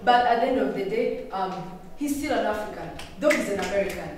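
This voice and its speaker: A woman's voice: mid-range voice, expressive, fairly quick. A young woman speaking as a student debater in a classroom debate, emphatic and impassioned. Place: university classroom. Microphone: distant room mic. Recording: echoey noisy room, from far off.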